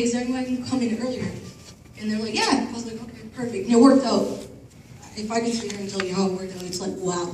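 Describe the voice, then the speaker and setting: A woman's voice: medium pitch, a little mellow. Chatty woman giving testimony in echoey room. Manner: chatty and self-conscious, laughs and apologizes often. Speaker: church member giving testimony. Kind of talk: personal testimony to a group. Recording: echoey room, distant mic, noisy.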